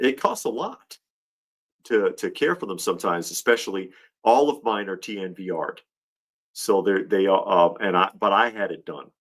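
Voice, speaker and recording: A man hosting a casual livestream, rambling and heartfelt as he talks, often restarting his sentences. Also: on the low side. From Georgia, US. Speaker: livestream host.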